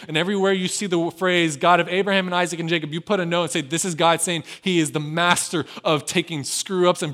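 A man preaching a sermon in an animated way, acting out quoted voices and swinging from quiet, drawn-out lines to loud, emphatic ones. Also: high voice. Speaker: pastor.

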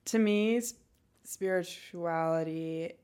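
A woman's voice: fairly low pitch, takes it slowly, a little mellow, smooth. A woman with a Northwest Arkansas accent, chatting casually and giggling often, thinking aloud with many fillers. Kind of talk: casual podcast chat.

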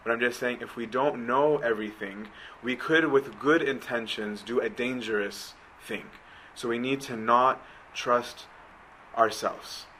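Heller, gesprächiger Prediger. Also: male voice, medium pitch, measured pace, sharp tone, a little hiss or hum, rough recording. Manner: conversational, keeps asking right?. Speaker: preacher. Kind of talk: sermon.

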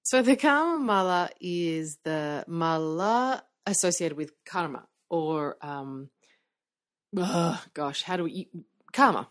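A woman's voice: on the low side, animated, takes it slowly. A middle-aged woman hosting a podcast from her bedroom, chatting casually with lots of fillers and restarts. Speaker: podcast host. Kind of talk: casual solo podcast talk. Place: bedroom, seated on bed.

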